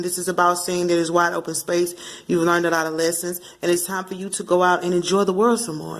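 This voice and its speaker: Woman, tarot reader addressing viewers; animated, playful delivery with sung snippets and acted asides. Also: on the low side. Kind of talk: casual tarot reading to camera.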